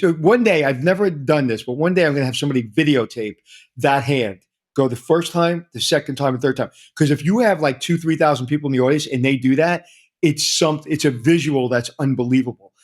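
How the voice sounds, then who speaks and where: A middle-aged man, a hotel consultant telling stories energetically in an interview, repeating himself as he talks. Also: fairly high pitch. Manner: energetic storyteller, repeats himself, quotes others. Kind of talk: conversational interview.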